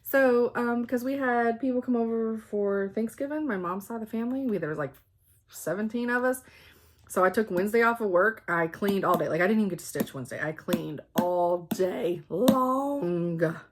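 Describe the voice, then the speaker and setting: A woman's voice: medium pitch, moderate pace. A woman hosting a cross-stitch vlog, chatting casually to camera in a rambling way and laughing often. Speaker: flosstube host.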